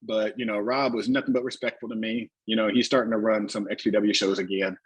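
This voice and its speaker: A middle-aged man with a husky, slightly rough voice recounts old stories in a loose, rambling way. His speech is packed with fillers and restarts. The sound is close and dry, with no room around it. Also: fairly low pitch, flat delivery, quick pace, dry recording, low-quality recording. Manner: rambling and anecdotal, with many "you know" fillers and restarts. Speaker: interview guest, retired pro wrestler. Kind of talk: casual storytelling in a podcast interview.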